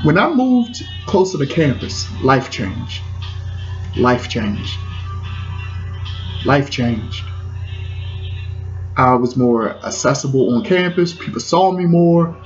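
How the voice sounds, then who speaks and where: Animated man telling a personal story. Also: medium pitch, slow, pauses often. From Washington DC area. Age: 40s. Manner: animated, repeats phrases, stammers and restarts. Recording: dull lo-fi sound with faint music.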